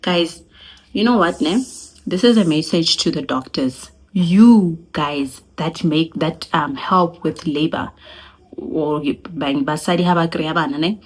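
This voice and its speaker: A young woman with a South African accent tells a personal story to camera in an animated, laughing way. Her voice sits a little low and has a slightly husky edge. She slips between languages as she talks. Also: a little slow. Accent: South African (Sesotho-speaking). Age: young adult. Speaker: vlogger. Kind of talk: casual storytime.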